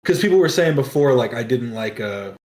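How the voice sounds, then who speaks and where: A man talks through his thoughts on a reaction stream in a hesitant, stop-start way. His voice sits in a middle pitch. The room around him sounds echoey. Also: lively intonation, fairly quick, darkish tone. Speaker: guest panelist. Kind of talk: casual reaction chat.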